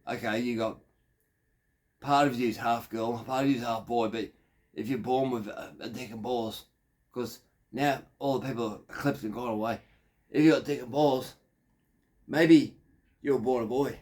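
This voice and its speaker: A man's voice: mid-range voice, steady tone, measured pace, pauses often, darkish tone. A man in his fifties with an Australian accent, telling a crude, digressive story in a rambling monologue. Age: 50s. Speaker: factory worker.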